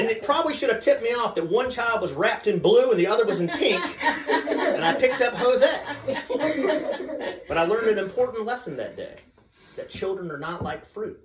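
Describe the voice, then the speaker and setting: A male comedian works a club stage with a bouncy, animated delivery. His pitch sits a little high and swings widely. He drops his punchlines deadpan, and the sound is roomy and slightly distant from the mic. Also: moderate pace, long pauses, crowd noise. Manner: deadpan punchlines, acts out a chanting child. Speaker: stand-up comedian. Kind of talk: stand-up storytelling.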